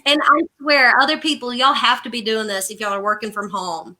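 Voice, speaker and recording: A woman's voice: on the high side, steady tone, a little fast, bright, forceful tone. A woman hosting a casual live-stream chat, bubbly and upbeat.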